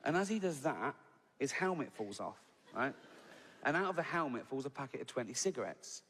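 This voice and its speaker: A man's voice: medium pitch, expressive, brisk, fairly bright tone. An English man in his sixties doing a stand-up routine, swearing freely, tagging lines with "right?" and laughing at his own story. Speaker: stand-up comedian. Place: large theatre stage. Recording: reverberant live venue, faint ambience.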